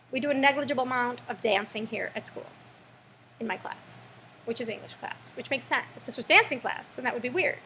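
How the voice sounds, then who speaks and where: A young American woman, an English teacher, running a vocabulary lesson with playful, jokey asides and a slightly breathy voice. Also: high-pitched, sharp tone, slight background noise.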